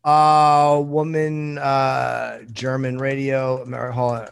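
A man with a gravelly voice chats casually as co-host. He jokes along and speaks at an ordinary, mid-range pitch. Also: little pitch movement, slow pace. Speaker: podcast co-host. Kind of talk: casual chat.

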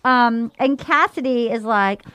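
A woman hosting a casual chat, recapping with animated delivery and acting out quotes. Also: on the high side, a little slow, clean tone, no room sound. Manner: animated, acts out quotes in voices. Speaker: podcast host.

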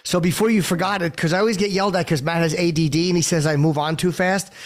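Slightly high-voiced male podcast co-host. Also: steady tone, fast talker. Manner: joking, defensive banter. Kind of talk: casual podcast chat.

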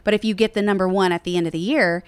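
A woman in the music publishing business telling a story in casual chat, animated, jumping into higher voices when she quotes people. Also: very fast, smooth, dry recording. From Nashville-based. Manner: animated, acts out quotes in raised voice.

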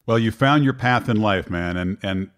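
A man's voice: lowish voice, moderate pace. A man hosting a talk show, speaking earnestly and thankfully, often repeating words as he starts a thought. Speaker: host. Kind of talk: casual chat.

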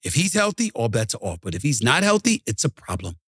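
A middle-aged man hosting a sports commentary show, ranting heatedly and swinging from low grumbling to high shouting. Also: wildly swooping pitch, fast talker, husky, dry recording, clean studio sound. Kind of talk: animated sports rant.

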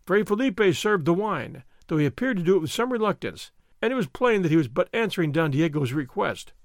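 Brief: male audiobook narrator, high and expressive, very dry close recording. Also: brisk, dry recording.

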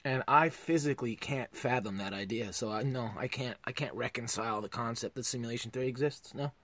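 A man hosting a podcast, delivering a profane comedic rant that swings between loud outbursts and low mutters. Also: fairly quick.

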